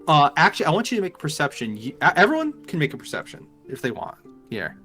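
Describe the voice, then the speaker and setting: A man runs a live tabletop game as game master. His narration is loose and full of fillers, with soft music playing underneath. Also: fairly high pitch, wildly swooping pitch, fast talker.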